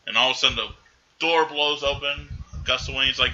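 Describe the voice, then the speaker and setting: A man's voice: medium pitch, steady tone, brisk, pushed and bright, highs cut off. A man hosting a podcast, casually recapping a film and rambling through quoted lines. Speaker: podcast host.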